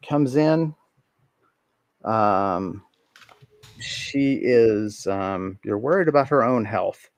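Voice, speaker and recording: A man's voice: on the low side, darkish tone. A man narrating a tabletop role-playing game as game master, hesitant and full of ums and restarts.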